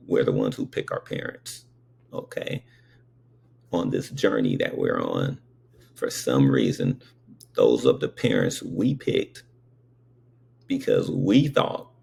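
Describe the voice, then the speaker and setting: A man in his fifties with a low, gravelly, husky voice, telling stories slowly and conversationally. His pitch swings widely as he drifts from point to point and keeps checking in with the listener. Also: wildly swooping pitch. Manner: meandering, conversational, many asides to the listener. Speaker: storyteller. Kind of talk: casual spoken recollection.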